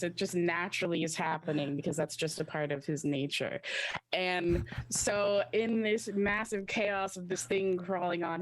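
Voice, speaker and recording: Woman player describing her character, lowish voice, slow, lots of ums and giggles. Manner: hesitant, many fillers, giggly.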